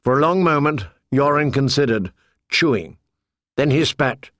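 A man narrating a story in a measured, deliberate way into a close studio mic. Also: mid-range voice, expressive, fairly bright tone, dry recording. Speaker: audiobook narrator. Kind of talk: scripted narration.

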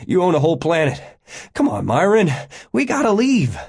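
A man's voice: lowish voice, unhurried, a little mellow, slightly rough, no room sound, studio quality. A man doing a determined young husband. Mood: urgent. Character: determined young husband, urgent then firm.

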